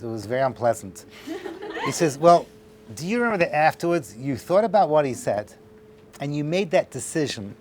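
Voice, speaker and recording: A man's voice: fairly high pitch, slight background noise. A middle-aged man, a rabbi teaching a class, telling a long story with acted-out dialogue and joking asides to a live audience in a lecture hall.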